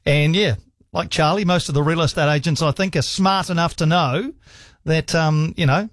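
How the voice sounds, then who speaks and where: A man's voice: fairly high pitch, normal speed, no echo, studio quality. A man hosting a sports radio call-in show, enthusiastic, laughing often and reeling off stats. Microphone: studio microphone.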